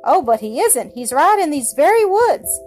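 Gentle motherly chickadee bird, high voice, earnest, read by a woman, storybook. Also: sing-song, normal speed, faint music behind.

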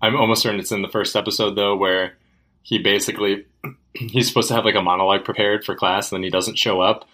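A man's voice: lowish voice, level tone, fast, pushed and bright, husky. A young man co-hosting a podcast, rambling casually with lots of fillers and crude language. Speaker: podcast co-host. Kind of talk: casual chat.

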